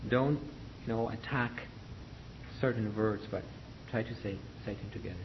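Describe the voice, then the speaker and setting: A man directing a choir rehearsal, giving patient, halting instructions on how to sing each line. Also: fairly low pitch. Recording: dull lo-fi recording with faint noise.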